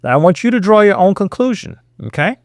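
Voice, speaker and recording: A man reacting to a clip with sarcastic, lecturing commentary. His voice sits fairly high and swings widely up and down as he acts out quotes. The sound is dry and close, with no room around it. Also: sing-song, fast, dry recording.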